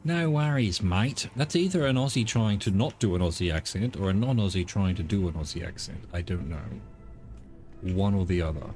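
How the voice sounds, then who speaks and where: A man's voice: low-pitched, fairly quick, darkish tone. A man playing a video game and commenting wryly, talking back to the characters. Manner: wry, sarcastic, talks back to characters. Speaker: gaming streamer. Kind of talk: let's play commentary. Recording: with game music behind.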